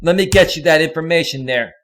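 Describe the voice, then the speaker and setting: A man's voice: a little high, quick pace, fairly bright tone, slight background noise. A man hosting a live stream, swearing constantly and talking straight to his chat viewers. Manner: speaks directly to chat viewers by name. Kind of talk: angry live stream rant.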